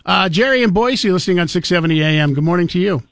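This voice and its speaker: Guy hosting talk radio, kinda high voice, dry studio mic, pushes back on callers. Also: lively intonation, creaky, a bit bright, no echo. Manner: brisk, argues back with callers. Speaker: radio talk show host. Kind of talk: talk radio, taking calls. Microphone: studio microphone.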